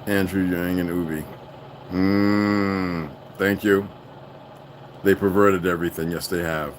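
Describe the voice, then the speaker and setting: A man's voice: sits low, flat delivery, slow, slight background noise. A man hosting a livestream, ranting bluntly and with heavy profanity to his viewers. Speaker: livestream host. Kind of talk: unscripted livestream rant.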